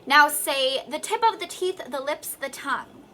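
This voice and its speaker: A young woman giving a recorded voice lesson, talking students through warm-ups with clear, encouraging instructions. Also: high-pitched, expressive, normal speed, slight background noise. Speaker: voice teacher.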